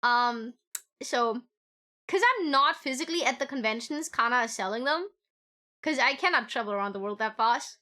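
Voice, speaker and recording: A woman streamer chats casually from her home setup into a desk mic. Her voice sits high and sharp, bright and forward. She gushes with excitement, giggles often and swears without a second thought. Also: normal speed. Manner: gushing and excitable, squealing with delight. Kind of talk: casual live-stream chat.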